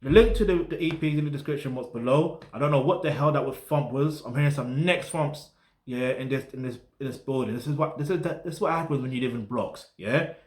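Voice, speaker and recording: A man's voice: medium pitch, fast talker, echoey room. A man with a South London accent, rambling casually to camera as he reviews music, dropping slang tags like "get me" and "yeah". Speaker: music reaction host. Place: flat in a residential block.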